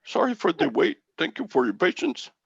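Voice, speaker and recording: Man puts on a higher-pitched, accented phone support guy, polite and repetitive, muffled lo-fi sound. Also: sing-song, normal speed, gravelly, breathy edge, dry recording, heavily acted. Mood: scripted politeness. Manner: put-on foreign accent, mimicking.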